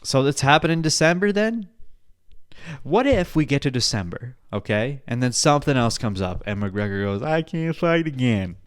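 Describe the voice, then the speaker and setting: A young man talks loosely into his podcast mic, full of swearing and asides. He rambles from one thought to the next and keeps breaking into laughter. His voice sits at an ordinary male pitch. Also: expressive, moderate pace, clean tone. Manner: profane, rambling, laughs a lot. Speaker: podcast host. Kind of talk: casual podcast chat.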